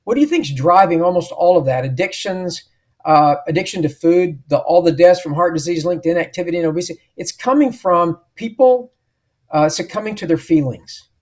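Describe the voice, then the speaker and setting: A man's voice: fairly high pitch, lively intonation, brisk. A middle-aged man, an author and podcast guest, telling a story emphatically and acting out the dialogue he remembers. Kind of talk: storytelling in an interview.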